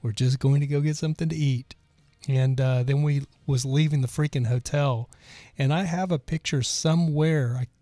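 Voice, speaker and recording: A man in his forties hosts a podcast and tells stories in a loose, digressive way, often restarting his sentences. His voice is mellow and relaxed. The sound is dry, with no room echo. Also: mid-range voice. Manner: rambling and digressive, with frequent restarts. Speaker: podcast host. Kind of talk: casual storytelling, reading chat comments.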